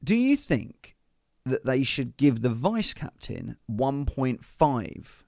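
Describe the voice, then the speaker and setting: A man hosting a casual podcast, chatty and playful and quick to laugh. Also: medium pitch, very animated, gravelly, a little mellow, no room sound, studio quality. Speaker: podcast host. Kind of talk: casual chat.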